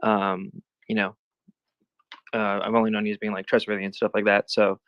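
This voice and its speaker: A man's voice: lowish voice, completely flat delivery, normal speed, no room sound. A man interviewing a guest in a casual way, with loose phrasing full of fillers. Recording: dull lo-fi sound.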